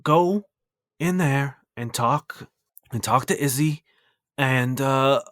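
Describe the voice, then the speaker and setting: A man voicing an anxious, hurried young male worker who talks in laid-back slang. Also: medium pitch, fairly bright tone, no room sound, clean studio sound.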